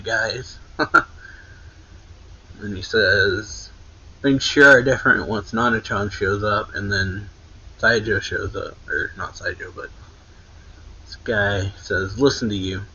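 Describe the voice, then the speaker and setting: A man's voice: on the low side, sharp tone, breathy edge, lo-fi sound. Rambling young man recapping a story. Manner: rambling, filler-heavy retelling with many likes and restarts. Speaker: anime reaction channel host. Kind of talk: casual manga recap.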